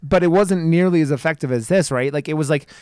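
A man co-hosting a podcast about horror films, talking casually and profanely and jumping into a raised voice to act out what viewers yell at the screen. His voice sits a little high for a man. The sound is dry and close to the mic. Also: fast, clear, resonant tone, no echo. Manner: animated, profane, acts out reactions in a raised voice. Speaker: podcast co-host.

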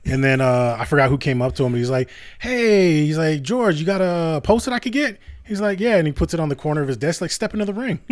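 A man co-hosting a casual podcast chat, laughing often and acting out scenes in quick put-on voices. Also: on the high side, lively intonation, dry recording, clean studio sound. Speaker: podcast co-host.

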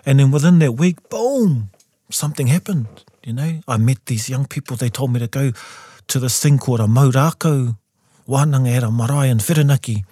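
A man in his forties with a New Zealand accent, a composer guest telling his story in a studio interview and jumping into high voices when he quotes people. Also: brisk, warm tone, no room sound. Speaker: guest, composer and taonga pūoro player.

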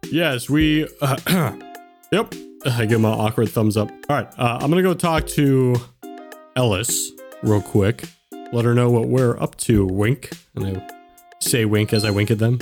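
A man playing his character in a tabletop game, bubbly and quick to giggle. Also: medium pitch, darkish tone, faint music behind.

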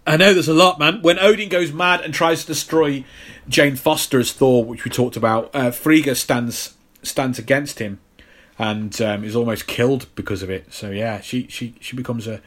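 A man's voice: mid-range voice, normal speed, a bit bright. A man co-hosting a film podcast, explaining comic lore with fillers and teasing his co-host. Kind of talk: casual film podcast chat.

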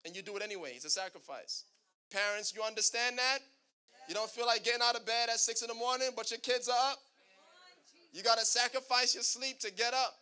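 Preaching a little fast in an extremely high, smooth voice that is pushed and bright, a male pastor calls out to his congregation. He asks the people to respond in a call-and-response style.

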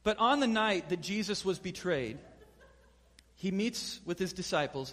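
A man preaches in a high, bright-edged voice, telling the story with lively energy and playing out each quote. His words ring with the long reverb of a large hall. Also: measured pace. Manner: animated storyteller acting out quotes. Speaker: pastor. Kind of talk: sermon.

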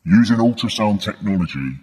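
A menacing puppet villain, as a man puts him on, drawls every word very slowly in a very low, husky voice. The lines ring out with a long reverb tail. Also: exaggerated voice. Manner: slow, ominous pronouncements. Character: menacing male puppet trap-game villain.

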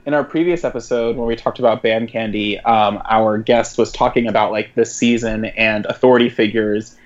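A man's voice: lowish voice, fairly even intonation, moderate pace, highs cut off. A man co-hosting a podcast in casual chat, talking in loose runs full of "like" and laughing often. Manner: chatty, many "like" fillers, laughs often. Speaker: podcast co-host.

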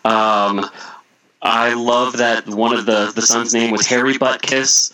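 A man's voice: medium pitch, little pitch movement, slow pace, pushed and bright, poor audio. Blunt, sardonic man on a podcast. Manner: blunt, sardonic, swears freely. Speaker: podcast co-host. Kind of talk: casual movie review chat.

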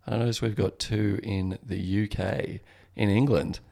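A man co-hosting a comedy podcast and running a quiz segment, deadpan and hesitant. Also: on the low side, normal speed, creaky.

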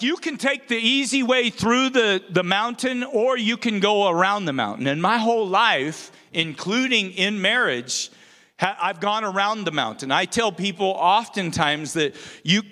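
A man's voice: high-pitched, sharp tone. A man in his forties preaching a sermon, earnest and self-deprecating, with playful outbursts. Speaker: pastor. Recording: reverberant hall.

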